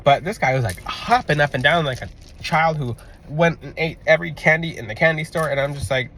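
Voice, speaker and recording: A man's voice: fairly high pitch, brisk, pushed and bright, a little hiss or hum. A man with a Florida accent telling a story about selling a crystal necklace, rambling and repeating himself and acting out what people said. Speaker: crystal seller and spiritual adviser. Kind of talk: casual storytelling monologue.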